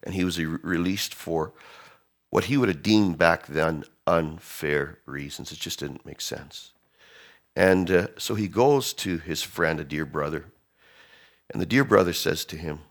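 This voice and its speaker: A man preaching a sermon, animated, swinging from loud emphasis to hushed tones as he acts out quotes. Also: low-pitched, unhurried. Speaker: pastor.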